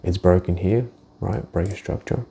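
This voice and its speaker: A man's voice: deep voice, moderate pace, creaky, mellow. A man giving a casual walkthrough of his forex trades, thinking aloud and swearing as he goes, with many restarted sentences. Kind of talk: casual screen-share market walkthrough.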